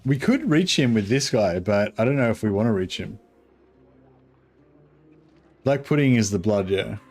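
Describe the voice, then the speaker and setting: A man's voice: lowish voice, animated, normal speed, darkish tone, a little hiss or hum. A man chatting casually on a game livestream, rambling, chuckling and reading chat aloud. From Australia. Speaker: streamer. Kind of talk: casual live-stream chat.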